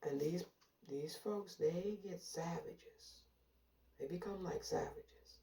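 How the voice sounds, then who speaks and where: A woman's voice: lowish voice, takes it slowly, warm tone. A woman giving an emphatic, repetitive commentary monologue, drawing out her stressed words. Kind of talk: casual monologue to camera. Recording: echoey room from far off.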